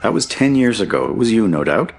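A man reading an audiobook, voicing a stout, kindly older male mining engineer in a measured, courteous manner. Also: lowish voice, sing-song, creaky, pitched above the performer's own voice, full character voice. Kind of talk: audiobook character voice.

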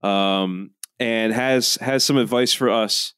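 A man's voice: fairly low pitch, fairly even intonation, slow, fairly bright tone, smooth, no room sound, studio quality. A man hosting a podcast, chatting in a jokey, rambling way. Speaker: podcast host. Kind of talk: casual chat.

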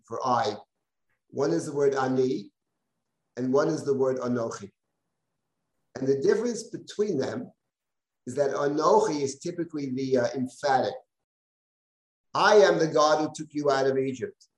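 A man's voice: medium pitch, darkish tone, echoey room, poor audio. A man teaching a live text-study class as a rabbi, reading verses aloud and explaining them in a conversational way with self-deprecating asides.

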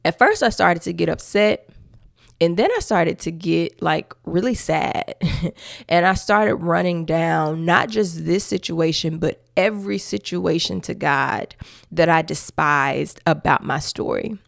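A woman's voice: lowish voice, a little slow, gravelly, dry recording, clean studio sound. A woman hosting a podcast, sharing her faith testimony in a conversational, emphatic way with asides to her listeners and frequent laughter. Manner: expressive and emphatic, with church-style asides to listeners; laughs often while telling her story.

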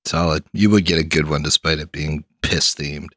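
A man's voice: rumbling low, fairly even intonation, normal speed, fairly bright tone, no room sound, clean studio sound. A young adult man hosting a tabletop game podcast, joking and crude in casual banter. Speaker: game master and host.

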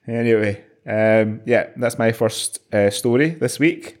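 A man's voice: medium pitch, takes it slowly, darkish tone. A man co-hosting a podcast, telling rambling stories in casual chat with frequent chuckles. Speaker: podcast co-host.

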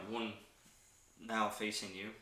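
A man narrating as game master in a tabletop game, relaxed and laughing often. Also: lowish voice, slow, reverberant.

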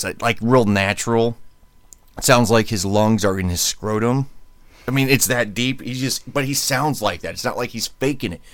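A man with a somewhat low voice chats casually as a podcast host, rambling through stories with plenty of "uh"s. The sound is dry and close, with no room around it. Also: dry recording. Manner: rambling storyteller with many fillers, mimics voices. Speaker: podcast host, former radio worker. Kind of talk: casual chat.

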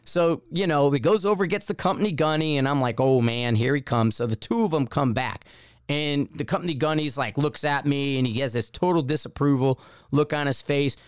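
A man's voice: a little high, fairly quick, clear, resonant tone, dry recording, clean studio sound. Rambling man telling a war story. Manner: rambling anecdote with acted-out quotes. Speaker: podcast host. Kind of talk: casual storytelling.

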